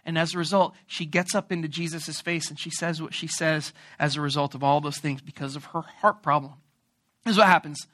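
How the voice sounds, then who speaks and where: Bright, animated male preacher. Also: on the high side, a little fast. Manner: animated, joking storyteller. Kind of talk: sermon.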